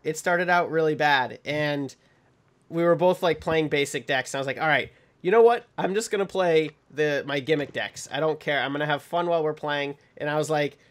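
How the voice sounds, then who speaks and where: A man's voice: fairly high pitch, moderate pace. Rambling, chatty podcast host man. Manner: rambling, many ums, laughs while telling stories. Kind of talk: casual chat.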